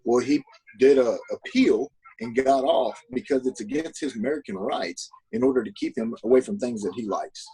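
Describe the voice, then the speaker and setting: Dude on a podcast, husky voice, cusses a lot, pitch jumping all over. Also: male voice, sing-song, moderate pace, mellow, rough recording. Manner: profane, loose. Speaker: podcast guest. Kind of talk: casual chat.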